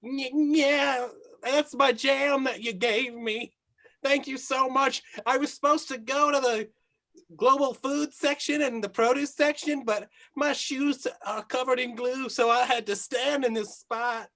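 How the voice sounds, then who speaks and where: Goofy male improviser, very high voice, unhurried, video call. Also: steady tone, creaky. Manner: loud, eager, goofy. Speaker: improv player. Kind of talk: improv comedy scene.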